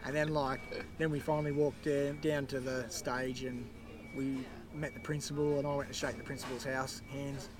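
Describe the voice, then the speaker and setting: A man telling a story as a podcast guest, animated and swearing freely. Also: medium pitch, moderate pace, crowd noise. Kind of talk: casual storytelling.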